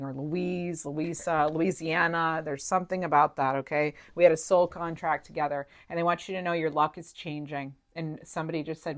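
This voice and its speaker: A woman giving an intuitive tarot reading to her viewers, chatty and emotional, thinking aloud with many fillers. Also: low-pitched. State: near tears at moments. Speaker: tarot reader.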